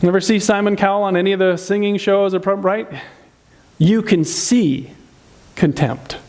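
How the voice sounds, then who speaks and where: A pastor with a high, slightly mellow voice preaches a sermon conversationally at a moderate pace. He asks the audience questions and acts out insulting quotes in changed voices.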